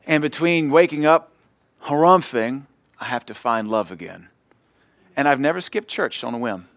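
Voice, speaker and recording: A male pastor preaching in a folksy, joking way, slipping into little acted quotes. His voice sits at an ordinary middle pitch. The sound is dry and close, with no room echo. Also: animated, moderate pace. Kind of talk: sermon.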